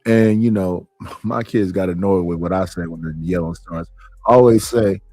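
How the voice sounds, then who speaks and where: A man hosting a casual commentary show, blunt and animated, acting out quoted arguments. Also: low voice, normal speed, no echo, faint music behind, poor audio.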